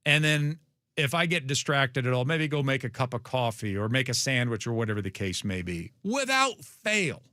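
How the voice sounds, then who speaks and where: A man hosting a morning sports radio show, chatting casually and telling jokey stories with sudden high-pitched outbursts. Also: very animated, moderate pace, pushed and bright, dry recording, clean studio sound. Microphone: studio microphone.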